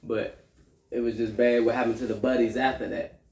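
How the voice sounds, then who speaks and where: A man casually retelling film scenes to his co-host, animated and a bit profane, acting out lines. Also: mid-range voice, a little fast, echoey room. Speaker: movie review co-host. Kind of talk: casual chat.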